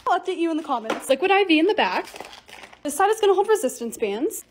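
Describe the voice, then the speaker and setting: Bubbly fast-talking young woman vlogger. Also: very high voice, sing-song, slight background noise. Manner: bubbly, gushing over cute things. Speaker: lifestyle content creator. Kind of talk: casual vlog voice-over.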